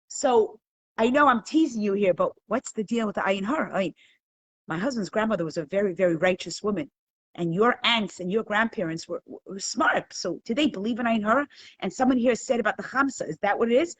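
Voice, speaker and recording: A middle-aged woman teaching a live online Torah class, telling stories with animated laughter. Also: medium pitch, brisk.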